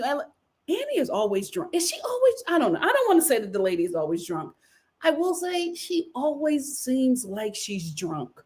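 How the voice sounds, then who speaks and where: A woman's voice: high-pitched, huge pitch swings, normal speed, darkish tone. A woman in her thirties giving casual live-stream commentary on a reality show, sassy and opinionated, laughing often. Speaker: reality TV reviewer.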